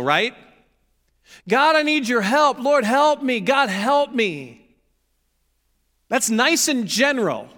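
A man preaching a sermon as pastor, animated, acting out shouted pleas from the story. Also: high voice, long reverb tail.

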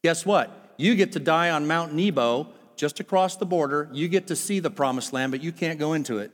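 A man preaching a sermon, animated and full of rhetorical questions to his listeners. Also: sits high. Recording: long hall reverb with faint music.

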